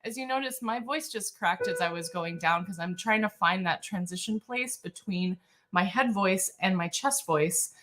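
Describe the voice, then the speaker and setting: A woman vocal coach leading a live-streamed singing warm-up, talking in a relaxed, chatty way with many fillers and breaking into high sung exercises. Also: normal speed, noisy background.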